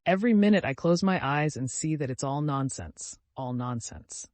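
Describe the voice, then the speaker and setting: Gushing, nervy middle-aged mother in an audiobook, voiced by a man, animated, dry close mic. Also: fairly high pitch, moderate pace, no room sound, close to an everyday voice. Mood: overwrought. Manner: effusive and overwrought. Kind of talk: audiobook character reading.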